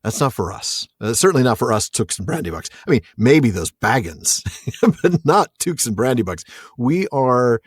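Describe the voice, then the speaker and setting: Animated man co-hosting a book podcast. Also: mid-range voice, normal speed, breathy edge, no echo. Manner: enthusiastic, jokey, laughs often. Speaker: podcast co-host. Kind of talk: casual book discussion.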